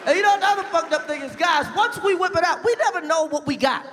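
A man performing a profane stand-up comedy set in front of a live audience, with a loud, punchy delivery. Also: very high-pitched, quick pace, hardly any pauses. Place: large theater stage with live audience. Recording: echoey live venue, crowd noise.

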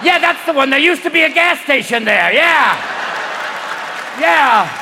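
A man voicing a flustered, rambling old male car navigation voice that shouts directions. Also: very high-pitched, expressive, measured pace, crowd noise, background noise, pitched above the performer's own voice, heavily acted.

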